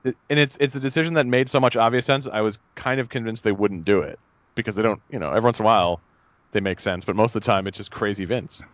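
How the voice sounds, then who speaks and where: A man's voice: on the low side, fast talker, no room sound. Male podcast co-host, chatty and rambling, recorded dry and close. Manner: rambling, animated, lots of fillers and mock voices. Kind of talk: casual chat.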